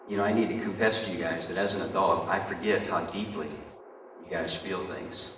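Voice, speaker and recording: A man's voice: low voice, noisy background. A man giving an earnest stage monologue, confiding directly in his audience. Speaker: stage performer telling his life story. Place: stage in a large hall. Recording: echoey hall from far off.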